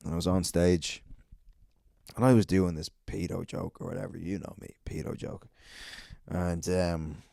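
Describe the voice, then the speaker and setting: A man's voice: sits low, fairly even intonation, normal speed, gravelly, warm tone, no echo, studio quality. A man who hosts a podcast and does stand-up, telling a profane, rambling anecdote on his own. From Ireland. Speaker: podcast host and stand-up comedian. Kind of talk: casual solo podcast storytelling.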